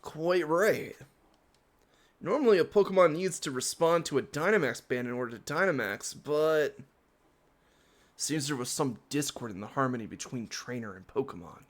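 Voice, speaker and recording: A streamer voicing a polite, gentle young male gym leader from a video game, speaking softly and courteously. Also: medium pitch, expressive, moderate pace, lightly acted. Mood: kindly. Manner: soft, courteous, friendly.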